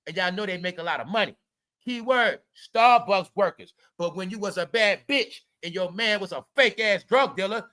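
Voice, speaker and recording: A man hosts a livestream and rants about celebrity gossip in a high, bright, edgy voice. He swears freely, taunts viewers and keeps circling back to "all right" and "y'all." The delivery is combative and loud. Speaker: livestream commentator. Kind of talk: ranting celebrity gossip commentary.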